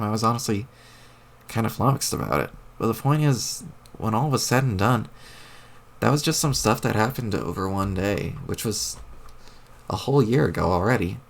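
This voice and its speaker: Wry deadpan teen girl, read by a man, gravelly, lively pitch, rambling. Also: normal speed. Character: dry, wry teenage girl adventurer. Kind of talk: reading a webcomic aloud.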